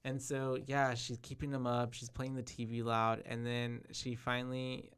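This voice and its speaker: A man co-hosting a casual podcast chat, retelling scenes with quick acted-out quotes. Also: mid-range voice, completely flat delivery, a bit bright, clean tone. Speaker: podcast co-host.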